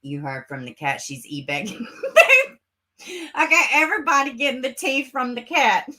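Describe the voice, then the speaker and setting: A woman hosts a casual livestream from home, sitting close to her camera mic. Her voice is bright and sits a little high. She talks in a sarcastic, animated way, with plenty of swearing. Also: moderate pace. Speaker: livestream host. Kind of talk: casual livestream chat reading comments.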